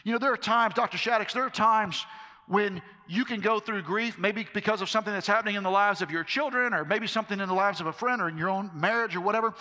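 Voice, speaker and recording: Bright high-voiced middle-aged male pastor. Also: fast talker. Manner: conversational, emphatic preaching with repetitions. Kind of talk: sermon. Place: large hall with a live audience. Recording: echoey hall reverb.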